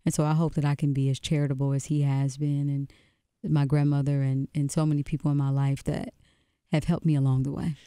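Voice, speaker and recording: A woman's voice: low voice, little pitch movement, fairly quick, mellow, clean tone, no room sound. A woman musician being interviewed on the radio, telling stories in a reflective way and often restarting phrases. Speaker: guest musician. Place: radio studio.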